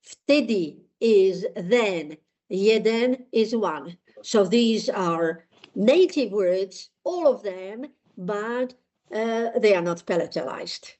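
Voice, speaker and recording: A woman teaching a language lesson, explaining patiently with many pauses and fillers. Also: mid-range voice, expressive, darkish tone. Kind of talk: online language lesson with repeat-after-me drills.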